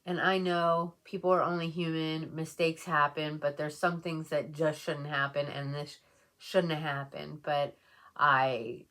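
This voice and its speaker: A low-pitched woman speaks in a casual get-ready-with-me vlog. She rambles through her thoughts with plenty of fillers, sounding emotional as she talks. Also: level tone, unhurried, fairly bright tone. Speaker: beauty vlogger.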